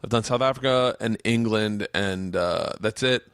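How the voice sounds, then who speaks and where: A man's voice: on the low side, moderate pace, smooth, no room sound, clean studio sound. A male podcast host chatting casually, reacting eagerly and swearing freely.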